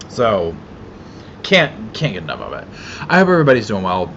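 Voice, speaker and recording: A man's voice: low-pitched, sing-song, moderate pace, highs cut off, noisy background. Chatty Southern man on a livestream. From Carolinas, US South. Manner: chatty, greets viewers by name, laughs often. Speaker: livestream host. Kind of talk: casual live-chat livestream.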